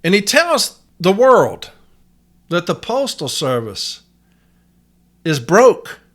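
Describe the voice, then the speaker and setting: On his own solo podcast, a man speaking as a union letter carrier launches into a heated rant, angry, emphatic, and cursing freely. His high voice swoops wildly in pitch, slow-paced with a fairly bright tone.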